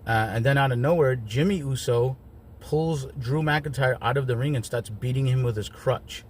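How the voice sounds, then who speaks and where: A man's voice: medium pitch, moderate pace, slight background noise. Chatty man reviewing wrestling shows. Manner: chatty and wry, with frequent ums and asides. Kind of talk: casual solo commentary.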